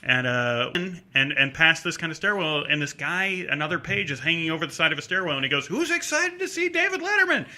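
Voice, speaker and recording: A middle-aged comedian from the Midwest telling a rambling, animated story in a casual interview. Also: male voice, fairly high pitch, fairly quick, few pauses. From American Midwest. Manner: rambling, animated anecdote with acted-out quotes. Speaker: comedian guest.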